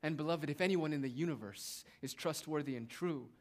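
A man's voice: a little high, a little fast. A young man preaching a sermon, emphatic and repetitive, addressing his listeners as beloved. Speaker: pastor.

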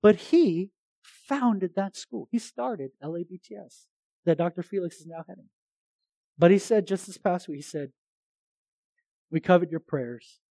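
A man preaching a sermon as pastor, talking to his congregation in a conversational, animated way with frequent restarts. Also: high voice, moderate pace, gravelly, dry recording.

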